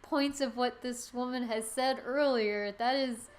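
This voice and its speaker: A woman's voice: on the high side, steady tone, a little slow. A woman hosting a let's play, chatting casually in a blunt, teasing way. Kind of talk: casual chat.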